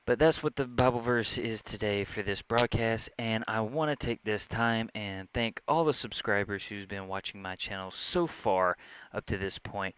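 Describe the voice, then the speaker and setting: Man, Southern US accent, vlog host, casual joking chat, rambling, lowish voice, crisp and clear. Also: unhurried, a bit bright, no echo. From Southern United States. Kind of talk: casual sports chat to camera. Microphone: own desk microphone.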